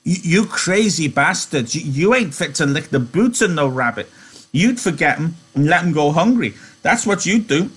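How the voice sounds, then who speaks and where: A giant imaginary rabbit jeers in a raised, husky voice, as a male reader plays it. It is scornful and cruel, taunting its listener like a nightmare creature from a storybook. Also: fairly high pitch, expressive, normal speed, fairly bright tone, voice pushed up.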